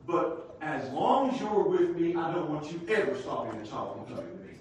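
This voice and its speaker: A male pastor preaching a sermon, emphatic, rising to shouts and dropping to quiet teaching. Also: on the high side, sing-song, moderate pace, hardly any pauses, a little hiss or hum. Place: church sanctuary. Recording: echoey church hall from far off.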